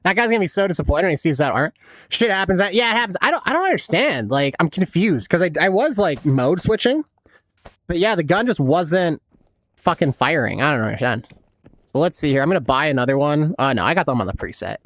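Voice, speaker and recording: A man's voice: fairly high pitch, very animated, a little fast, fairly bright tone, no room sound. A man in his thirties giving casual, laid-back gameplay commentary as a streamer, swearing a lot and laughing often. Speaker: game streamer.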